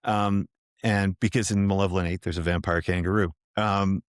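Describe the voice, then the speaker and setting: Deep-voiced man telling a story. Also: normal speed, dry recording, studio quality. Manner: animated storytelling, many restarts. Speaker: author guest. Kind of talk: casual interview talk.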